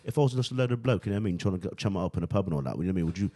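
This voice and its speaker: A man's voice: low voice, expressive, racing, mellow. A man putting on a British London accent as a cocky young man with swaggering slang. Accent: put-on British London. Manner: swaggering slang, "oi" and "you get me".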